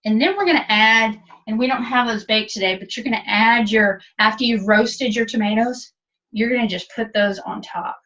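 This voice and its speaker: A woman's voice: a little high, normal speed, bright, forceful tone. A woman giving a chatty, practical step-by-step cooking demonstration in a kitchen, heard over webinar audio. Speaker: cooking instructor. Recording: distant, dull webinar audio.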